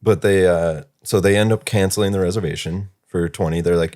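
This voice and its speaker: A low-voiced man co-hosts a podcast and chats casually. He tells a restaurant story in an easygoing way. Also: steady tone, brisk, few pauses, a little mellow. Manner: easygoing, recounts a work story. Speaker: podcast co-host. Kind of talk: casual chat.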